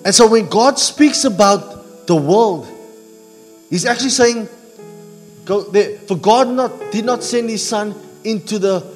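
Middle-aged male pastor, call-and-response sermon, slightly high voice, church hall echo. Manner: call-and-response preaching, asks the congregation to finish verses. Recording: church hall reverb with music.

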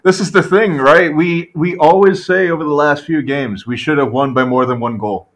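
A man co-hosting a casual sports podcast, animated and full of fillers and "right?" tag questions. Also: a little high, moderate pace. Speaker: podcast co-host.

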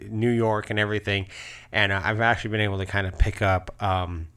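Brief: male interview host, slightly low voice, loose rambling delivery. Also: fairly even intonation, a little fast, fairly bright tone, clean tone. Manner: rambling, many fillers and restarts, laughs often. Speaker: podcast host. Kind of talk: casual interview chat.

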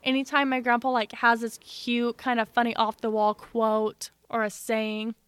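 A woman's voice: fairly high pitch, level tone, normal speed, a bit bright, clear, resonant tone, dry recording. A young woman co-hosting a podcast, telling a story in a chatty, sarcastic way. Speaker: podcast co-host. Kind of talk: casual chat.

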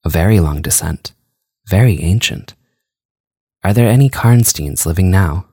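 A languid young vampire countess, soft and sighing, drawls her words in a low, deep register, as a man reads her. The sound is close and dry, with no room around it. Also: lively intonation, unhurried, slightly rough, dry recording, heavily acted. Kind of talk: audiobook reading of a novel.

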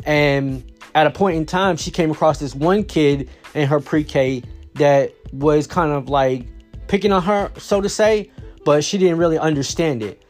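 A man's voice: a little high, unhurried, a little mellow, faint music behind. A father casually telling a story about his daughter, rambling with many fillers and restarts.

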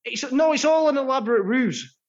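Lively man on a dull line. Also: extremely high pitch, fairly quick. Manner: sarcastic, lively banter. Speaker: podcast co-host. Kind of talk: casual football podcast chat. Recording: dull lo-fi sound.

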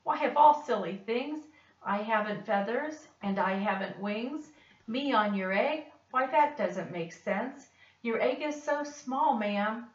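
A woman voicing a gentle, faithful male elephant in an earnest, steady storybook voice. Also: on the high side, slow pace. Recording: dull, roomy, distant recording.

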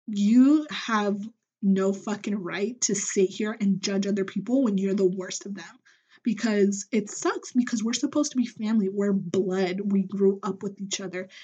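Husky-voiced young woman ranting bluntly. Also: mid-range voice, mellow, lo-fi sound. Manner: blunt, profane, heated venting. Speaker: podcast host. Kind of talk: solo rant podcast.

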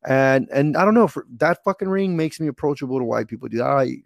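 A man's voice: mid-range voice, fairly quick, gravelly, no echo, studio quality. A young man from Texas telling a rambling, profane story in casual podcast chat. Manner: rambling, profane, animated retelling.

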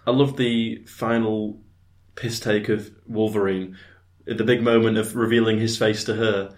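A man's voice: lowish voice, flat delivery, a little slow. A man co-hosting a casual film review podcast, easygoing and a little hesitant when he's put on the spot. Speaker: podcast co-host.

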